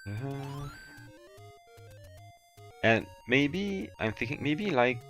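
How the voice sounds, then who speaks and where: A French-speaking man from Quebec with a Québécois French accent, chatting loosely while he plays a game live, with halting starts, fillers and restarts. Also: medium pitch, animated, fairly bright tone. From Quebec, Canada. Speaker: streamer. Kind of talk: casual gaming livestream chat. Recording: faint game music underneath.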